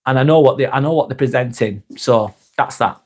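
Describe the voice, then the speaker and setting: A man's voice: mid-range voice, a little fast, a little mellow. A man, hosting a casual live stream, chatting to viewers by name, laid-back and swearing freely. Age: 40s.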